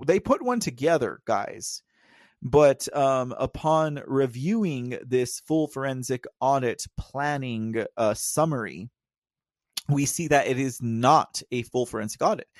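A man's voice: medium pitch, no echo, clean studio sound. A man with a Texan drawl hosting a casual live stream, rambling, laughing often and talking straight to his chat. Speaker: livestream host.

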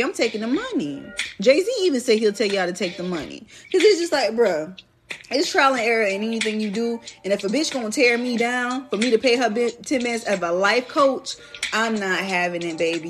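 A woman's voice: medium pitch, noisy background. A young woman hosting a podcast, ranting bluntly in casual slang-filled chat. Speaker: podcast host.

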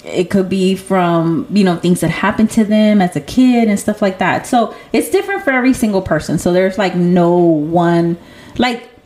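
A woman's voice: medium pitch, moderate pace. A young woman hosting a casual chat, talking loosely and laughing often as she tells stories. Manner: laughs often, animated storytelling. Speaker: host.

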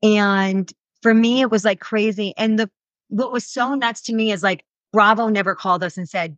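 A woman in her thirties, a reality show cast member, answering interview questions in casual, animated speech full of "like" fillers. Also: medium pitch, normal speed, dry recording. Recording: dull lo-fi sound.

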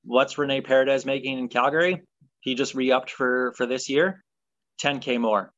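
A man's voice: medium pitch, unhurried, no room sound, dull audio. A man hosting a football talk show, chatting casually and firmly with fillers and opinions. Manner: relaxed, opinionated, many ums and uhs. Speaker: sports podcast host.

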